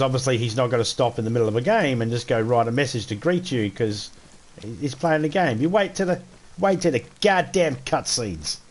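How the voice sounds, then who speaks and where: An Australian man chatting casually to viewers as he streams a survival game, joking and swearing freely. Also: mid-range voice. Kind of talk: casual live-stream chat while playing.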